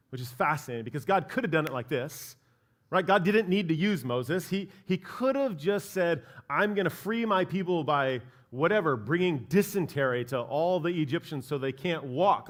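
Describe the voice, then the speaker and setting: A man's voice: on the high side, expressive, moderate pace. A man preaching a sermon as pastor of a church, talking in a casual, conversational way and often checking in with "right?". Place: church sanctuary.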